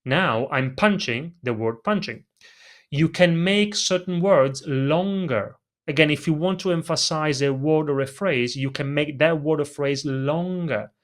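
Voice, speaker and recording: A man's voice: a little high, a little slow, hardly any pauses. A man with a non-native English accent, a presentation coach answering interview questions on a video call and acting out vocal emphasis as he explains it. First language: not English. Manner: animated, demonstrates vocal emphasis. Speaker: presentation coach, podcast guest.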